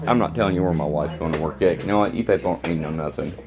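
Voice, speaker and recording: A man's voice: low-pitched, racing, music in the background. A middle-aged man, ranting angrily and repetitively to the camera. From Kentucky. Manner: agitated, repetitive, plain-spoken. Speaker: vlogger. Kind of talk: angry rambling rant to camera.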